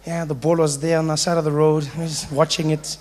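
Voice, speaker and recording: High-voiced man telling stories. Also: a little fast. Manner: animated, switches into character voices. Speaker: stand-up comedian. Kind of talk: stand-up storytelling. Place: live comedy stage.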